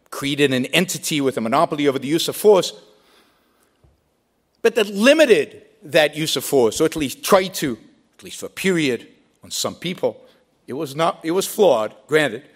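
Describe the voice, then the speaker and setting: A man giving a debate speech in an emphatic style, building points with rhetorical questions and repeated phrases. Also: sits high.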